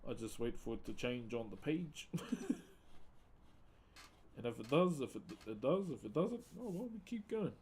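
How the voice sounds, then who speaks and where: A laid-back man with a New Zealand accent, chatting casually with viewers on a live stream while he carves wood, greeting them by name in relaxed slang. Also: medium pitch, moderate pace, long pauses, slightly rough.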